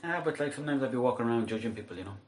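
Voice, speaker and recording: Irish man, podcast guest, quick talker, rambling restarts, casual chat. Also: mid-range voice, expressive, slight background noise. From Ireland. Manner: quick, rambling, self-interrupting. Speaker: podcast guest, actor and comedian.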